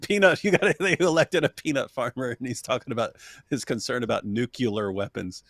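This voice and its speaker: A man's voice: medium pitch, expressive, brisk, dry recording, studio quality. A man co-hosting a casual political chat, joking, laughing often and acting out quotes. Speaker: co-host.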